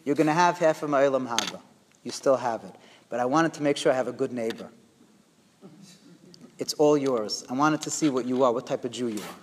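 A man's voice: mid-range voice, a little fast, pauses often, in a large hall, slight background noise, pitched below the performer's own voice, natural voice. A man voicing a revered elderly Hasidic rebbe who coaxes and bargains in a playful way. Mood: joyful. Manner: coaxing, bargaining.

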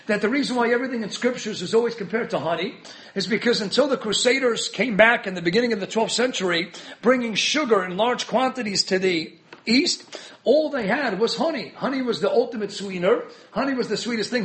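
A rabbi giving a Torah lecture in a very high, light voice. He talks fast and in an animated way, chuckling as he goes and mixing in Hebrew and Yiddish terms. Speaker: rabbi teaching a Torah class.

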